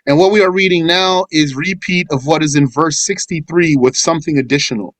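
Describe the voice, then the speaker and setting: A man teaching a scripture lesson. He recites verses in Arabic, then explains them in English in a measured way. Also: on the high side, fairly bright tone, dry recording, poor audio. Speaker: religious teacher.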